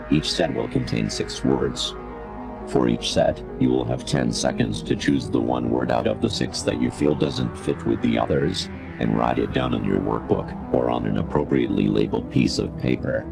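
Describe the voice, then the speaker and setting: A man voicing a cold adult male narrator of an instructional tape in a horror game, reading measured and formal instructions. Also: extremely low pitch, expressive, gravelly, over music, heavily acted. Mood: ominous.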